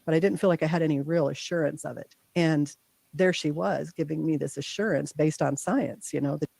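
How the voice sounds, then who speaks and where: A woman guest earnestly recounting a deeply personal experience, acting out her own thoughts in quotes. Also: fairly quick, creaky, warm tone, slightly rough, no echo. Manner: earnest, heartfelt. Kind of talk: personal storytelling.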